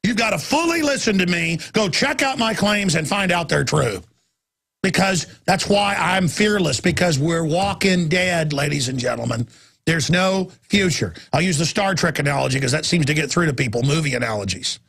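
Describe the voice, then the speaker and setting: A man in his forties rants through a talk radio monologue, swinging from bursts of shouting to low, urgent tones. His voice is gravelly and husky, pitched fairly high for a man. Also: animated, moderate pace. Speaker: radio talk show host.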